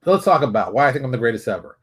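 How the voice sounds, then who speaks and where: A man's voice: mid-range voice, sing-song, racing, fairly bright tone, husky. A man hosting his own solo show, talking in a brash, joking and self-mocking way. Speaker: show host. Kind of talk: solo livestream talk.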